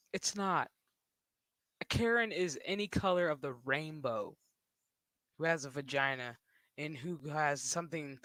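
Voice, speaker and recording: A man's voice: a little high, bright, forceful tone, dry recording. A man streaming live, ranting casually in a crude, mocking way and often breaking into laughter. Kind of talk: casual livestream rant.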